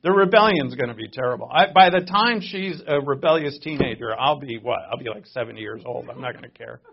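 A middle-aged man preaching a sermon as a pastor, conversational and joking, swinging between loud emphasis and quiet asides. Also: medium pitch, fairly quick, creaky, dull audio, noisy background.

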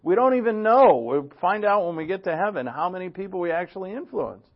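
Pastor guy giving a sermon, kinda gravelly voice, earnest and chatty, clears his throat a lot, muffled lo-fi audio. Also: high voice, animated, a little fast. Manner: earnest, conversational preaching with frequent throat-clearing. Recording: dull lo-fi recording.

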